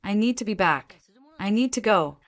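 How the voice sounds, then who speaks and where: A woman's voice: mid-range voice, lively intonation, moderate pace, natural voice. A woman voicing an anxious, self-doubting young wife in a story reading, speaking in a tense, pleading, self-reproaching way. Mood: distressed.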